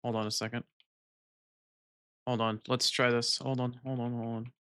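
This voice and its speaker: Bright-voiced American man chatting on stream. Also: medium pitch, flat delivery, moderate pace, clean tone, no room sound. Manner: chatty, reads chat aloud, laughs often. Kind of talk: casual live-stream chat.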